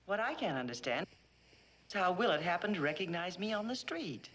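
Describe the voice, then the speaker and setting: Tired ex-actress, patient, pretty expressive voice, old tv drama. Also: female voice, on the low side, brisk. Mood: wry. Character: weary former actress hired as double. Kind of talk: 1960s TV drama acting.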